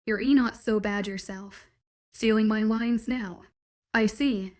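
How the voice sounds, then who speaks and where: A woman's voice: a little high, steady tone, unhurried, a little mellow, natural voice. A woman voicing a teasing young male werewolf pack leader in an audiobook romance, cocky and firm.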